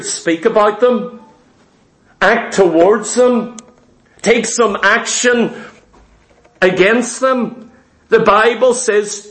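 A man preaching a morning sermon to his congregation, hammering points through repetition and rhetorical questions. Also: high voice. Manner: emphatic, repeats lines and fires rhetorical questions at the congregation. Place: church service in the morning.

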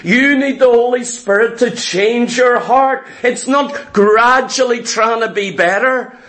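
A man with a very high voice delivers a sermon to his congregation. He talks in a lively, conversational way, circling back with repeated phrases and quick asides before he presses each point home. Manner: animated, conversational preaching with repetitions and asides. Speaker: preacher.

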